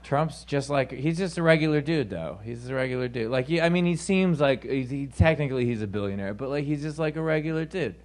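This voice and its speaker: A man's voice: medium pitch, animated, a little fast, few pauses, darkish tone, a little hiss or hum. Hesitant, sarcastic male comic. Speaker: stand-up comedian. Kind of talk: stand-up comedy.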